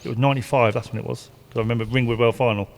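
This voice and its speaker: A man's voice: mid-range voice, little pitch movement, racing. Rambling middle-aged man in a reverberant room. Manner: rambling, repeats himself, swears freely. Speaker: guest, retired racing driver. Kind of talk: casual anecdotal storytelling.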